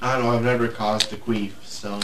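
A man hosting a casual podcast chat, joking and quick to crack up. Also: mid-range voice, noisy background. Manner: animated, joking, easily cracks up. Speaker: podcast host and editor.

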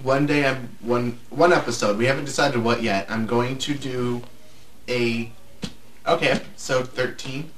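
A man's voice: medium pitch, steady tone, unhurried, fairly bright tone. A man with a mid-range voice tosses out dry, sarcastic asides on a casual podcast. His voice rings in a roomy space with faint hiss. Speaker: podcast co-host and editor.

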